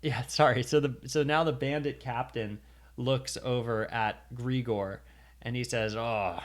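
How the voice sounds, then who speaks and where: Casual: dude running a dnd game on stream, lots of ums and restarts. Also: male voice, mid-range voice, steady tone, measured pace. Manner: rambling, hesitant with many fillers. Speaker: game master. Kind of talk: narrating a tabletop game on a stream.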